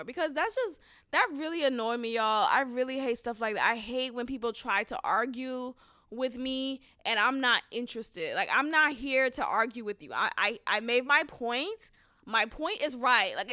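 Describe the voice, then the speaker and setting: Young adult woman, podcast host, casual profane rant, high bright voice, dry close mic. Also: no echo. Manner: animated, profane, swings into loud outbursts. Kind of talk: casual ranting monologue. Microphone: close studio mic.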